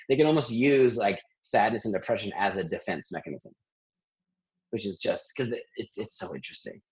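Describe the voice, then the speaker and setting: A man working as a therapist, talking in a lively conversational interview and laughing often between thoughts. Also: lowish voice, moderate pace, husky, rough recording.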